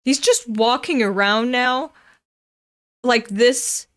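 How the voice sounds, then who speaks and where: A woman from Europe giving casual, excitable reaction commentary while reading a manga, swearing and exclaiming. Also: on the high side, normal speed.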